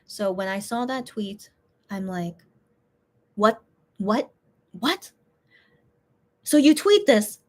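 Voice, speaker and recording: A woman who runs a shop, casually telling a story in an animated, exasperated way, with many restarts. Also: medium pitch, slow pace, pauses often.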